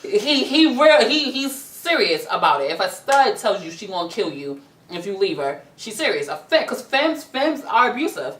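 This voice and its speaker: A woman's voice: mid-range voice, big pitch swings, moderate pace, a bit bright. Blunt, profane woman in an echoey room. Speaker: talk show co-host. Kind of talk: candid casual chat. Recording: roomy echo, mic far off.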